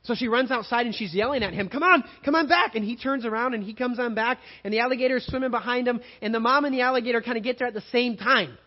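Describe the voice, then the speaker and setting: A male pastor preaching a sermon, moving between loud emphatic passages and quiet, hushed ones. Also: very high-pitched, fairly even intonation, fast talker, hardly any pauses, muffled recording.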